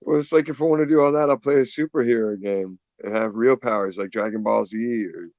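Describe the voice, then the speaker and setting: Man, low voice, laid-back podcast banter, dull lo-fi sound. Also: fast talker, a little mellow, no echo. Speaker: podcast co-host. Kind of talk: casual chat.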